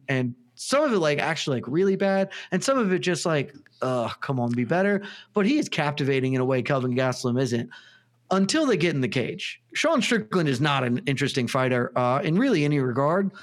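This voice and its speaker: A man on a sports podcast panel, chatting casually and rambling through long, animated tangents, with some swearing. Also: a little high, fairly quick. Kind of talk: casual chat.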